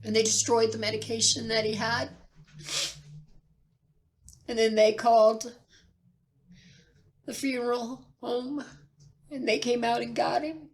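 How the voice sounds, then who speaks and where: A middle-aged woman telling a personal story near tears, halting and repeating herself with pauses. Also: on the high side, level tone. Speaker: vlogger sharing personal loss. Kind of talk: tearful personal account.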